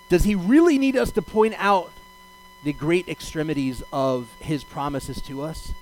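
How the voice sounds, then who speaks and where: A man's voice: fairly high pitch, a little hiss or hum, poor audio. A man preaching a sermon as a rabbi, conversational, asking rhetorical questions and acting out voices from the scripture. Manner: animated, acts out the voices of God and Jacob in paraphrase.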